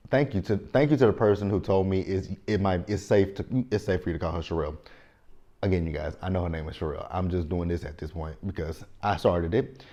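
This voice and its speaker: A man's voice: low voice, warm tone, dull audio. A man in his thirties with a Southern US accent, rambling casually and informally through a TV episode recap. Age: 30s. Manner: chatty, rambling, informal with slang. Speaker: TV show recap vlogger. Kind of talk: casual show review.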